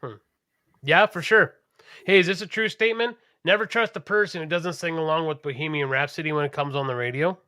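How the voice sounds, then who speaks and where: A man co-hosting a podcast, chatting casually in a profane, rambling, animated way. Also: a little high, a little fast, clear, resonant tone, dry recording, studio quality. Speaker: podcast co-host. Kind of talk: casual chat.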